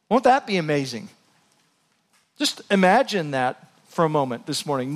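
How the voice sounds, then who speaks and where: A man's voice: a little high, very animated, moderate pace, long pauses. Earnest male pastor preaching a sermon. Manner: earnest, rising to impassioned appeals. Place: church before a congregation.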